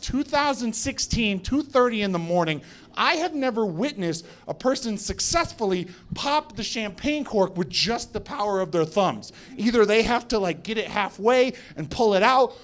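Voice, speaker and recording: Man, stand-up comedian, high voice, animated storytelling, shouted punchlines, club stage, handheld mic. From Colorado, USA. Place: comedy club stage before a live audience.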